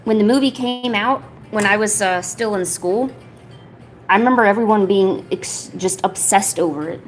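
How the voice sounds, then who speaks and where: A woman in her thirties, chatting casually on a livestream while she sketches, rambling with lots of filler words and cooing softly to her pet. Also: mid-range voice, moderate pace, a little hiss or hum. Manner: soft, doting talk to her pet. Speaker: artist streamer.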